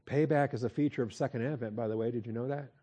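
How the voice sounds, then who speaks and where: A man leads a verse-by-verse Bible study in a warm, mellow voice. He talks conversationally, checking in with his listeners and slowing down to repeat key points. His pitch sits in the middle range. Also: breathy edge. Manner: conversational, with frequent "okay?" check-ins and slow emphatic repeats. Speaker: pastor.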